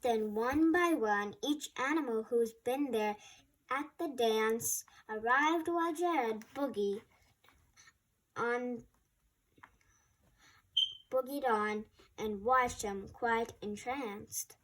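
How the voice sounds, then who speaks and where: A woman storyteller reading a rhyming picture book aloud, lively and casual, adding her own remarks between verses. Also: a little high, takes it slowly, long pauses.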